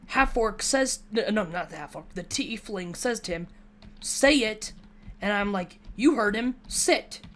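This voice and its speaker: A woman with a mid-range voice talks casually over her gameplay. She rambles through a story and pokes fun at herself along the way, like a relaxed gaming commentary. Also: mid-range voice. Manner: rambling, chatty storytelling with self-mocking asides. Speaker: gaming YouTuber. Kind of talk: casual gameplay commentary, recounting a tabletop session.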